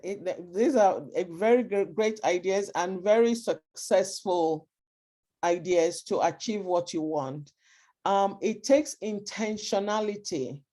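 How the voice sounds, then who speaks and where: Mellow-voiced woman moderating a panel. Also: mid-range voice. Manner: measured, informative, many ums. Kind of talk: community panel discussion.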